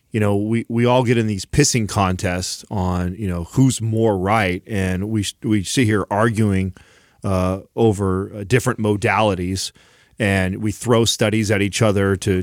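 A man's voice: on the low side, no room sound, clean studio sound. A man co-hosting a casual fitness podcast, frank and exasperated, swearing casually. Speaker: podcast co-host.

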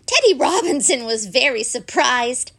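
Slow gravelly woman reading a story. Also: high voice, very animated. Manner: gentle, unhurried storybook reading. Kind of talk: reading a children's story aloud.

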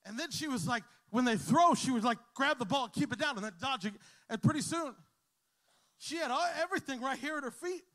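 A man who is a pastor, preaching a sermon to his congregation, telling a story with humor and rising to shouts. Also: very high-pitched, expressive, fairly quick. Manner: storytelling, jokes with the crowd, builds to shouting. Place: church hall with a congregation.

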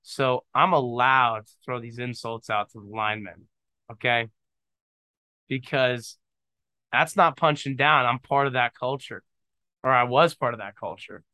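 Into an on-camera studio microphone, a podcast host in his twenties jokes his way through a casual solo show, rambling off on tangents. He has a medium-pitched, bright, forceful voice that's clear and resonant, speaks a little slowly, and there's no echo.

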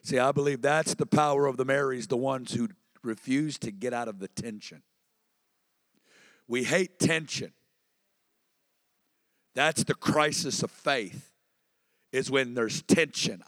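A man's voice: medium pitch, measured pace, long pauses, a bit bright, no room sound, big-room sound. A pastor preaching a sermon in a conversational style, prompting his congregation to respond.

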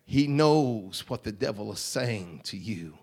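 A man preaching a revival sermon, swinging from hushed, quiet lines to shouted whoops. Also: on the low side, animated, slow, creaky.

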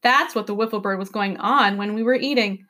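A woman voicing a fussy, easily flustered elderly male professor in a read-aloud storybook, often in hushed, breathy tones. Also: mid-range voice, fairly quick, close to an everyday voice. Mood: fussing.

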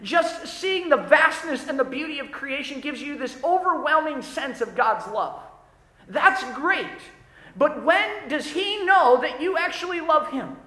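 Bright-voiced pastor preaching in an echoing church. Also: male voice, extremely high pitch, unhurried. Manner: conversational preaching with animated quoted voices. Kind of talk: sermon. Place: church worship service. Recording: roomy church hall.

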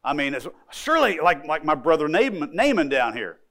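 A man preaching a sermon as pastor, telling the story dramatically and swinging between loud emphasis and quiet asides. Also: on the high side, big pitch swings, a little fast.

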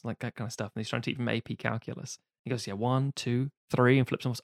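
A man, co-hosting a podcast, reviewing a film in casual, sweary, animated chat. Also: medium pitch, rapid-fire, vocal fry, hardly any pauses, no echo, studio quality. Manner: sweary, animated retelling of scenes. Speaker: podcast co-host reviewing films.

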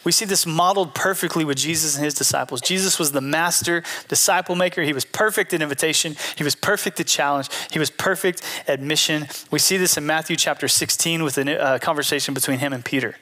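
A young man preaching a sermon in a casual, animated way, acting out quotes as he goes. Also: a little high, fast, few pauses. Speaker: pastor.

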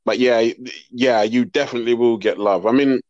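A man's voice: medium pitch, steady tone, brisk, darkish tone, dry recording, lo-fi sound. A young man, talking emphatically in slangy casual chat as a podcast co-host.

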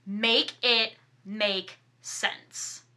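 An animated woman chatting on a podcast, reviewing a film with plenty of emphasis. Her voice is very bright and forward, and she often restarts her sentences as she works up to a point. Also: medium pitch, extremely slow. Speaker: podcast co-host. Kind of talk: casual movie review chat.

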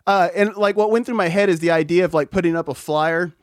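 Guy on a podcast, kinda high voice, swears a lot and laughs thru his stories, dry close sound. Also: fast talker, no echo. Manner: profane, laughing storyteller. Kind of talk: casual chat.

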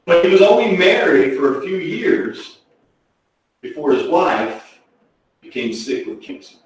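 A man's voice: a little high, big pitch swings, a little slow, distant mic, a little hiss or hum. Preacher man in an echoey hall. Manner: dramatic swings from hushed to shouted. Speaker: pastor. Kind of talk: sermon.

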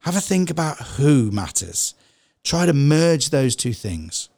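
A middle-aged man giving a heartfelt motivational talk, earnest and pleading, dropping soft and low then rising with emphasis. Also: very animated, slow, creaky. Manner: earnest, pleading, swings between soft low lines and raised emphatic ones. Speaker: motivational speaker.

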